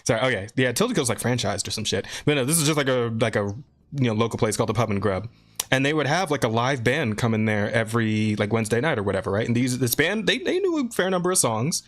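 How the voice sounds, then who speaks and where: A man's voice: medium pitch, expressive, fast. A man co-hosting a podcast, chatting loosely and rambling, with casual swearing.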